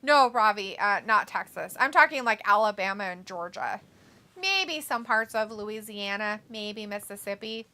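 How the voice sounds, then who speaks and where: Bright chatty woman reading chat. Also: medium pitch, expressive, normal speed. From United States. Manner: chatty, laughs often, reads chat messages aloud. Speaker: co-host reading live chat. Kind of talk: casual livestream chat.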